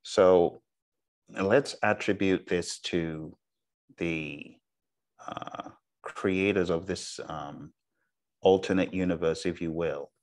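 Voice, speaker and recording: Slow, deep-voiced male instructor. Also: steady tone. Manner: deliberately slow, repeats checks like "okay?" and "all right?". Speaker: exam prep instructor. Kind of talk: recorded online lecture.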